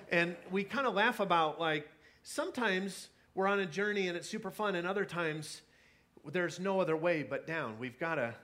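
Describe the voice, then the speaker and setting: A man's voice: high voice, pushed and bright. A young adult man, a pastor, preaching a conversational sermon with many fillers and restarts. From California.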